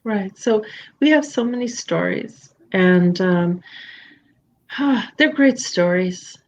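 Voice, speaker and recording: A woman hosting a candid conversation, talking in an animated, emphatic and playful way. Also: medium pitch, slow pace, low-quality recording. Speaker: podcast host.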